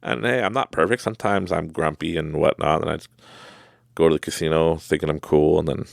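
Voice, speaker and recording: A man's voice: a bass voice, fairly even intonation, fairly quick, gravelly, no echo, clean studio sound. A man hosting a podcast, telling casual, rambling stories, laughing often and acting out quoted people. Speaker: podcast host. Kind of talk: casual storytelling monologue.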